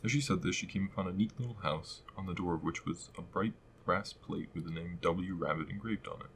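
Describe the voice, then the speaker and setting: A man reading a classic storybook aloud as narrator, in a steady, measured way. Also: sits low, slight background noise, rough recording. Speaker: audiobook reader.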